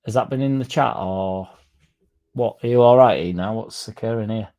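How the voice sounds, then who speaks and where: A man hosting a fan livestream, rambling through deadpan jokes and chatting to the chat. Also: on the low side, normal speed. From Leeds, England. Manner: rambling deadpan joking, dropped articles. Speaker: fan channel livestream host. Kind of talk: casual livestream chat reading the chat.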